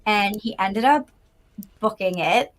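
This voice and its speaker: A woman voice actor chatting as a guest in a live interview, bubbly and talkative, with lots of fillers and quick laughs, heard over a video call. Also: medium pitch, lively intonation. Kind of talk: casual live interview chat.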